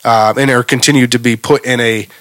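A man's voice: mid-range voice, steady tone, brisk, fairly bright tone, dry recording. A man hosting a casual sports podcast, ranting heatedly and swearing about his team. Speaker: podcast host.

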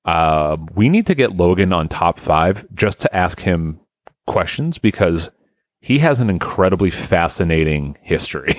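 A man's voice: sits low, sing-song, unhurried, no echo, clean studio sound. A man hosting a podcast in casual chat, laughing often and swearing casually. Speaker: podcast host.

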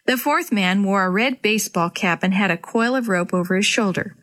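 Woman storyteller for kids, gentle and expressive. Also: medium pitch, fairly quick. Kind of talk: children's story reading.

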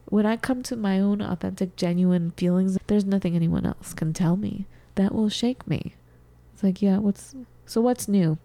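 A middle-aged woman co-hosting a podcast, earnestly walking through a self-affirmation exercise with soft laughs and whispered asides. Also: mid-range voice, normal speed, creaky, dry recording. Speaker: podcast co-host. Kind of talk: casual podcast talk, demonstrating an exercise. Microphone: studio microphone.

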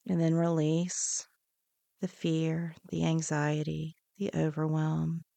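Woman, meditation guide, soothing repeated cues, very unhurried, dry close sound. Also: deep voice, completely flat delivery, creaky, dark tone, no room sound. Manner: slow, soothing, repetitive instructions. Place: podcast studio.

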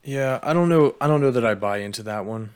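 A man's voice: mid-range voice, lively intonation, fairly quick, clean tone. A man co-hosting a casual podcast chat, thinking aloud with hesitant fillers. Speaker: podcast co-host.

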